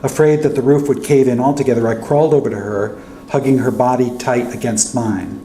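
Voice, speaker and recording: Male author reading fiction at a podium, mid-pitched, echoey hall. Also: a little fast. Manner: steady first-person narration. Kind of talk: reading his fiction aloud. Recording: echoey hall with faint hum.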